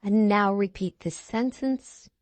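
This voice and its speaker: A woman's voice: mid-range voice, takes it slowly. A woman reading short instruction prompts in a language lesson. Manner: brief, even instructions.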